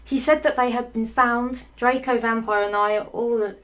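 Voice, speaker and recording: A woman's voice: on the high side, fairly even intonation, a little slow. Woman doing a sarcastic comedic reading. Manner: laughing, swearing, sarcastic asides; clears her throat often. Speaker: fanfiction reader.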